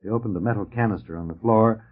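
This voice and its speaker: A man reading a science fiction story aloud in an expressive narrating voice, taken from an old, dull-sounding record transfer. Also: lowish voice, fast talker. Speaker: audiobook narrator. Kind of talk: scripted narration.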